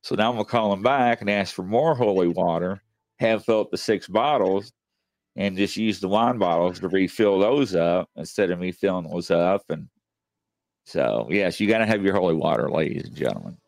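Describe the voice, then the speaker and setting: A man with a lowish voice, recorded close and dry with no room sound. He hosts casually, rambling through an anecdote with plenty of fillers. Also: moderate pace, vocal fry, darkish tone, dry recording. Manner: chatty and anecdotal, with many fillers. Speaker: host. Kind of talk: casual storytelling.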